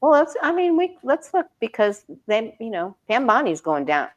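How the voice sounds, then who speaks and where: A woman's voice: a little high, sing-song, normal speed. A woman reading tarot on a livestream, chatting emphatically and repeating phrases for effect. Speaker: tarot reader, co-host. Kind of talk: casual live-stream chat.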